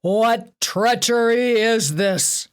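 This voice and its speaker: A woman voicing a furious male king of the gods who bellows slowly and commandingly. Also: on the high side, smooth, voice pushed up.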